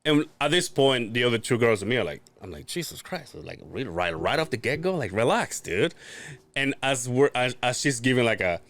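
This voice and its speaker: A man's voice: mid-range voice, animated, brisk, fairly bright tone. A man co-hosting a podcast, telling rambling stories in casual chat, swearing freely and laughing often. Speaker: podcast co-host.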